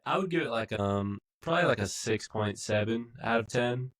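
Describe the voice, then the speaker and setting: A man's voice: mid-range voice, expressive, normal speed, fairly bright tone. A man co-hosting a podcast who recaps and reviews a TV episode in casual, rambling chat full of fillers. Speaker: podcast co-host.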